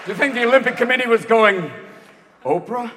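A man doing a stand-up comedy routine on a club stage, talking fast and manic and jumping in and out of character voices. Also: very high-pitched, noisy background. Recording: echoing venue, loud crowd laughter.

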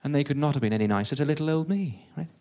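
A man's voice: fairly high pitch, very fast, darkish tone. A man telling a comic first-person story in a self-deprecating, conversational way.

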